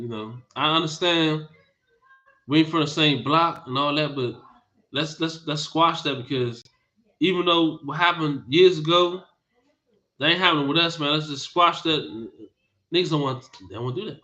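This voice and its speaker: Male preacher, emphatic, scolding, high-ish forceful voice, dull lo-fi recording. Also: normal speed, pauses often. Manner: emphatic, repeats phrases, scolding. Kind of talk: bible teaching sermon.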